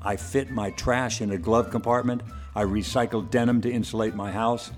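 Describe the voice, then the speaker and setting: A man's voice: on the low side, steady tone, moderate pace, faint music behind. A man co-hosting a podcast, chatting casually and joking easily. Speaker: podcast co-host.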